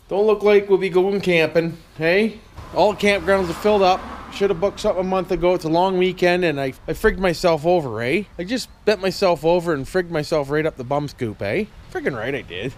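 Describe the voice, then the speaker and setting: A man's voice: high voice, brisk, a little hiss or hum. A Canadian man vlogging in a casual, jokey, folksy way, tagging his lines with friendly asides. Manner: jokey, folksy, tags lines with "eh" and "why wouldn't I". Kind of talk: casual chat to camera.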